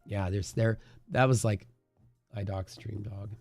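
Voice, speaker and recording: Man, low-pitched, casual live-stream host, rambling, filler-heavy, dry close sound. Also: fairly even intonation, a little slow, gravelly, darkish tone, dry recording, soft background music. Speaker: day-trading live streamer.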